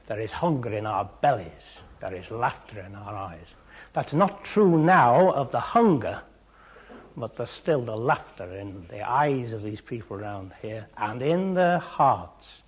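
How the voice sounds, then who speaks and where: A man recites and comments in a heartfelt way, his husky voice rising and falling a lot. The old recording sounds dull and muffled. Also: mid-range voice, big pitch swings, measured pace.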